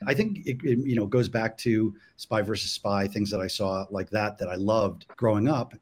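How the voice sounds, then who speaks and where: A man's voice: on the low side, husky. A man, a cartoonist guest, talking reflectively in an interview. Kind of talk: casual interview chat.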